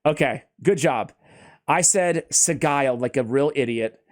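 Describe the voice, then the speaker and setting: A man hosting a casual gaming chat, excitable and laughing often, talking like he's with a buddy. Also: medium pitch, measured pace. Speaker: host.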